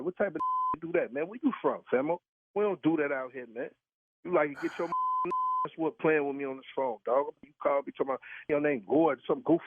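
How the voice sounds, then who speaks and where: In a dry recording over a tinny telephone line, a man with a medium-pitched voice is the target of a prank call. The conversation is heated, and he's blunt and profane, asking the same questions over and over.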